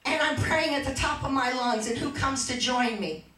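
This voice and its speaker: A middle-aged woman preaching a fervent sermon, moving from quiet storytelling to shouted exhortation. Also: high-pitched, normal speed. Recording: echoey church from far off.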